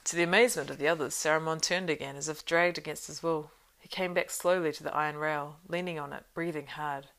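A woman reading a fantasy audiobook, narrating in a steady, unhurried way. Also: deep voice. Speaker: audiobook reader.

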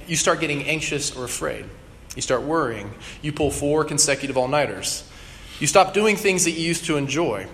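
A man's voice: a little high, a bit bright. A young adult man preaching a conversational sermon with casual ums and restarts. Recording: long hall reverb, faint room noise.

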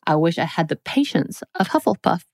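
A woman's voice: lowish voice, big pitch swings, fairly quick, darkish tone, no echo. A woman co-hosting a podcast in casual chat, playfully joking as she reads quiz questions aloud. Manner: playful, jokey, reads out lists. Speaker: podcast co-host.

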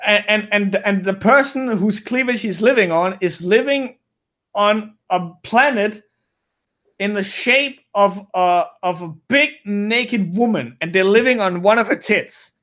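Non-native English-speaking man, high voice, rambling podcast storyteller who keeps restarting. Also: unhurried, fairly bright tone. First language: not English. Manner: rambling, frequent restarts and self-corrections. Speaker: guest storyteller. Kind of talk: casual podcast chat.

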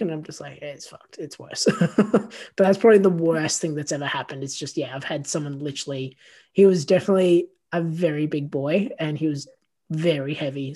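A man hosting a podcast, telling stories in relaxed casual chat with frequent swearing. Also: a little high. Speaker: podcast host, photographer.

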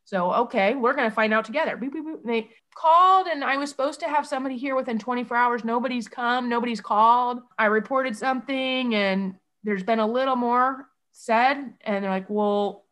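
Halting emotional woman recounting her story. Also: fairly high pitch, a bit bright. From Iowa. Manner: halting, emotional, many false starts. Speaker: mother telling her own story. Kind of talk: personal recounting.

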